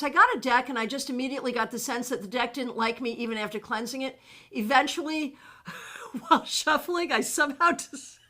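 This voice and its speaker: A woman teaching a live online tarot workshop, reading out viewers' comments, animated and laughing often, with many fillers and restarts. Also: high voice.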